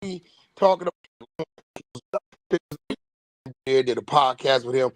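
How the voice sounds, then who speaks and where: A man hosting a podcast, telling a story in rapid, slang-heavy casual talk. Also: mid-range voice, expressive, dry recording. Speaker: podcast host. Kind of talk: casual chat.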